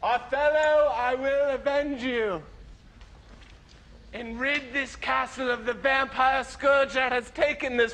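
An actor playing a stage actor in a hammy vampire play, declaiming solemnly. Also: male voice, very high-pitched, bright, forceful tone, full character voice. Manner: theatrical, declamatory. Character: earnest male stage actor playing Hamlet.

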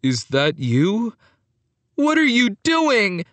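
Brief: earnest, passionate boy in a storybook, read by a male narrator, raised emphatic voice, animated. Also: fairly high pitch, normal speed, dry recording, voice pushed up.

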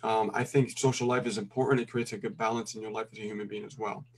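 A middle-aged man giving casual life advice, calm and full of "you know" and "okay" check-ins. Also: lowish voice, fast, slight background noise. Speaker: co-host.

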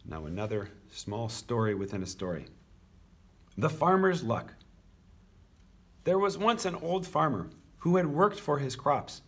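A man reading a children's picture book aloud as a teacher, with expressive, animated storytelling. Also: medium pitch, unhurried, long pauses, husky.

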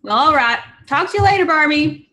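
A woman's voice: high-pitched, animated, brisk, sharp tone. A woman playing in a tabletop game, chatty and hesitant, full of fillers. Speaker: player. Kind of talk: casual in-character play.

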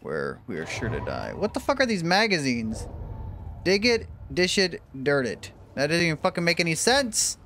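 A man commentating his gameplay, joking, swearing and yelling in bursts, then muttering low. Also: huge pitch swings, normal speed, a little hiss or hum. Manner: loud, profane, jokey, swings between shouting and mutters. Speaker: gaming streamer. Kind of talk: let's play commentary.

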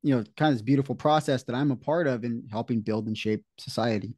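A man's voice: mid-range voice, fast talker, mellow, no echo, studio quality. A man hosting a podcast, an electrician speaking in a candid, reflective, laid-back way. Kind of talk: casual podcast interview.

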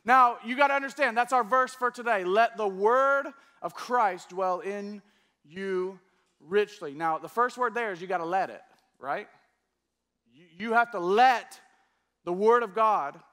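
His voice high, ringing, and forceful, a male preacher teaches the congregation during a church service. The energy stays up as he coaxes listeners to call out and join in.

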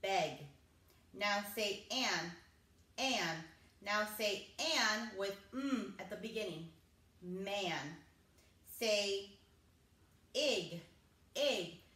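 A woman teaching kindergarten phonics, speaking slowly and clearly, repeating each word and sounding out its letters with encouragement. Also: medium pitch, bright, forceful tone. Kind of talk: phonics lesson for young children. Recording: echoey room.

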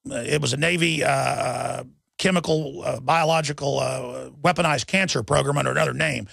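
A man's voice: medium pitch, fairly even intonation, moderate pace, vocal fry, a bit bright, dry recording. A man hosting a talk radio show, delivering an urgent, rambling monologue full of restarts into a studio microphone.

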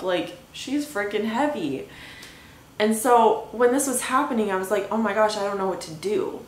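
A woman's voice: on the low side, fairly bright tone. A young woman hosting a podcast, telling a story in a casual rambling way, full of "like" and "anyway". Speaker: podcast host. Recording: echoey room with faint hiss.

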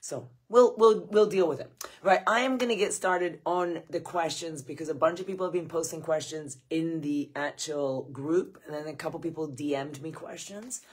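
A woman from Scotland, hosting a casual livestream Q&A. Her voice is hoarse because she is losing it, and she greets viewers by name in a chatty, effusive way. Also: deep voice, moderate pace. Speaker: screenwriting coach hosting a livestream Q&A.

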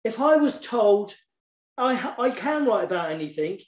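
High-pitched and sing-song, the man speaks unhurriedly against an echoey room. He's a children's poet and author in an online session, casual and eager, warm and enthusiastic, with frequent word repetitions as he gropes for what to say.

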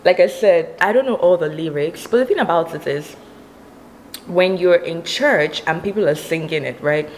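A woman's voice: on the low side, moderate pace, slight background noise, poor audio. A young woman from Nigeria chatting casually to her viewers as a vlogger, giggly and full of "like" fillers. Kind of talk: casual chat between sung songs.

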